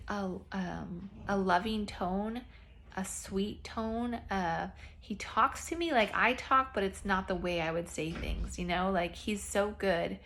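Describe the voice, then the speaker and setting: A woman's voice: mid-range voice, a bit bright. A woman speaking to her business team in a casual, earnest faith-based encouragement talk, often repeating herself and addressing them as "you guys".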